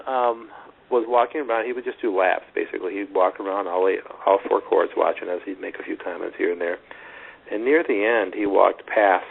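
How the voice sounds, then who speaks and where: Deep, gravelly man on a phone line. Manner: earnest, rambling with restarts. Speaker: tennis coach. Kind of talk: storytelling in a phone interview. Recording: tinny phone line with faint hiss.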